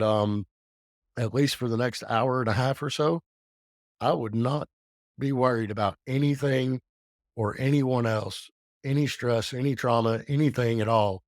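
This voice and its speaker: A man's voice: medium pitch, dry recording, studio quality. A man in his forties speaking candidly as a podcast guest, earnest and open, with frequent fillers and restarts. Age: 40s. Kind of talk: casual podcast talk.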